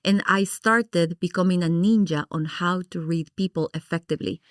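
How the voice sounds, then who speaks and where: Expressive woman from Guatemala telling her story. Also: on the low side, normal speed, no echo, clean studio sound. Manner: expressive, animated, acts out her own past reactions. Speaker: podcast guest. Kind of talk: personal storytelling in an interview.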